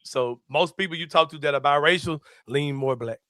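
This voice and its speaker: High bright-voiced laughing man. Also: moderate pace. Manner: loud, laughing storyteller, profane. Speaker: podcast host. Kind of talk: casual sports-show chat.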